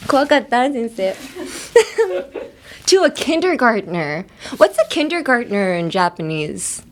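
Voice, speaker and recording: A young American woman hosting a casual language lesson, chatty and quick to laugh, slowing down to spell out sounds. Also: fairly high pitch, sing-song, slight background noise. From United States. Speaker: host.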